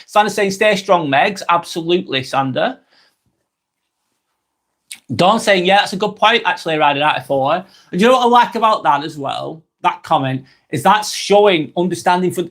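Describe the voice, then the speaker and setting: A man in his thirties with a broad, strong talks casually on a live stream, reading out viewer comments. He is blunt and chatty, swears freely and repeats his phrases. His voice sits a little higher than most men's. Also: a bit bright.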